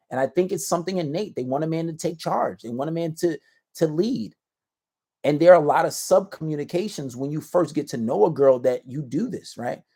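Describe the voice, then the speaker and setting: A man's voice: mid-range voice, a little mellow. Blunt, self-assured man giving dating advice. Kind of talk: casual advice monologue to camera.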